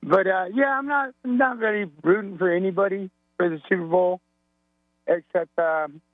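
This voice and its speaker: A man's voice: sits high, normal speed, no room sound, faint music behind. A man calling in to a sports radio show, hungover, rambling and joking. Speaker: radio caller. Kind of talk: casual phone call to radio show. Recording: tinny phone line with hum.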